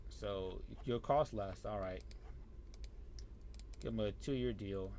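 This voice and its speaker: Speaking slowly in a lowish, darkish voice with a bit of hiss or hum, a young man plays a wrestling management game. He gives casual let's-play commentary, muttering to himself and addressing the on-screen characters.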